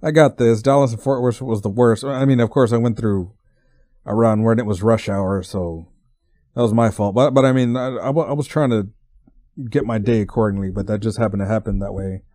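Podcast host, twenties, from Texas; dark, relaxed tone, dry booth sound, casual profane rambling with restarts. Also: male voice, on the low side, a little fast, no echo. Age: 20s.

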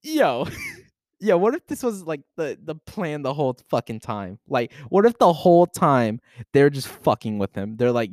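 A man hosting a casual solo podcast, reacting to a news post in a profane, excitable, rambling way into a desk microphone. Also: fairly high pitch, moderate pace, dry recording, clean studio sound. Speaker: podcast host.

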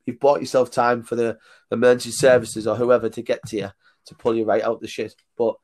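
A man's voice: medium pitch, little pitch movement, brisk, darkish tone. A man, a tour leader and podcast guest, telling blunt stories and laughing between his points. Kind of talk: casual podcast storytelling.

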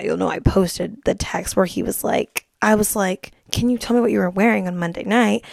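Gravelly-voiced chatty young woman. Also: mid-range voice, a little mellow, no echo, clean studio sound. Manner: chatty, gossipy storytelling with many "like"s. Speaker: podcast host. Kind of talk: casual chat.

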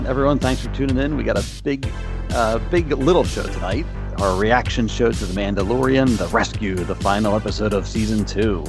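A man co-hosting a podcast. He chats casually and eagerly, with many fillers as he retells his reactions. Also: fairly low pitch. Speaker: podcast co-host. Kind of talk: casual chat.

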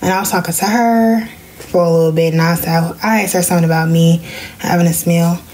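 A young woman hosting a casual podcast vlog tells a personal story, jumping into high voices whenever she quotes someone. She speaks fairly quickly with a steady, darkish tone.

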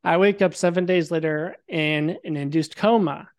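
Speaking at normal speed in a slightly high voice, a young man appears as a guest on a podcast. He recounts events casually and colorfully, curses without holding back, and acts out the things people said.

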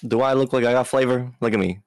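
A man's voice: mid-range voice, quick pace, no echo, studio quality. A man from Hawaii, a guest on a live stream, joking around in a laid-back way. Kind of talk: casual livestream chat.

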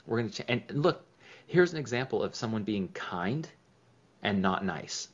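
A man telling an anecdote in a lively way, acting out the people he quotes. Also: on the low side, measured pace, husky. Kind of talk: storytelling anecdote. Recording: dull lo-fi recording.

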